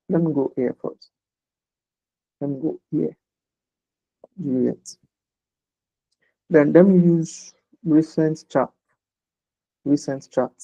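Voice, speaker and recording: A man's voice: a little high, mellow, no room sound. Repetitive man teaching trading, dull sound. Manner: repetitive, asks "do you get?" often. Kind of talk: informal explanation lesson.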